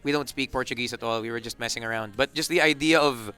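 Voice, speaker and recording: A Filipino band member in a relaxed, joking interview chat, rambling with restarts. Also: male voice, mid-range voice, quick pace, clear, resonant tone, soft background music. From Philippines.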